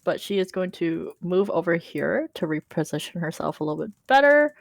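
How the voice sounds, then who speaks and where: A woman's voice: on the low side, very animated, normal speed, gravelly, no room sound, studio quality. A woman narrating as dungeon master in a tabletop game, giggly and rambling, with lots of fillers.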